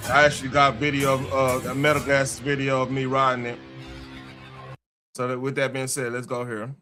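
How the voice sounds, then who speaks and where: Bright-voiced man, rambling casual chat. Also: mid-range voice, level tone, normal speed, soft background music. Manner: rambling, loose restarts, slangy. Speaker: podcast host.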